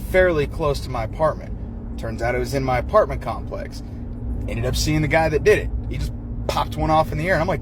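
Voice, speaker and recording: A man's voice: mid-range voice, a little fast. Brief: everyday man, wry casual anecdote, car noise behind. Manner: relaxed, wry storytelling. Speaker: storyteller.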